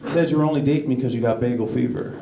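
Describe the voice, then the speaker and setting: A man doing a stand-up comedy set, rambling and correcting himself, with sudden jumps into high-pitched bursts. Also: very fast, creaky, far from the mic. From United States. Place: comedy club stage. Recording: echoey club recorded from afar, noisy. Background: audience laughter.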